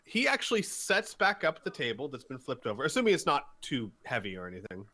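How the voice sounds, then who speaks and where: A man speaking as a tabletop game player, halting and repeating words as he plans aloud. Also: medium pitch, wildly swooping pitch, pushed and bright. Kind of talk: casual tabletop play.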